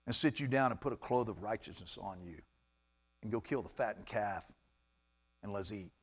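A preacher voicing God as a gentle, patient father. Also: lowish voice, normal speed, husky, voice pushed down. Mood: tender.

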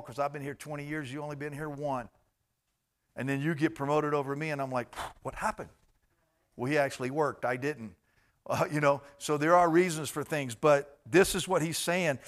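A pastor delivers a sermon in a voice that sits a little higher than most men's. He speaks directly to the people in front of him. He swings between loud, emphatic bursts and quiet, conversational asides.

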